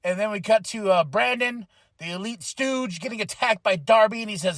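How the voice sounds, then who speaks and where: A man's voice: sits high, expressive, brisk, fairly bright tone, dry recording. A man hosting a podcast, giving a casual and irreverent recap, swearing freely and acting out what people said. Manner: chatty and irreverent, swears freely, acts out quotes. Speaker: podcast host. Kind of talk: casual wrestling show recap.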